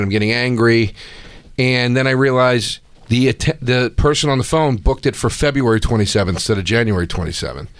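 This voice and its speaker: A man spins a profane, animated story on a podcast and gets loud as he relives being wronged. His middle-pitched voice sounds dry and close, with no room around it. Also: no echo. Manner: animated, profane, rising to shouts when reliving anger. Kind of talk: casual storytelling.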